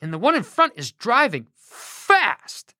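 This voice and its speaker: A woman's voice: a little high, big pitch swings, slow, sharp tone, dry recording, clean studio sound, voice pushed up, full character voice. A woman voicing a bored young male gate guard who talks in an easygoing, slangy way. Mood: chatty.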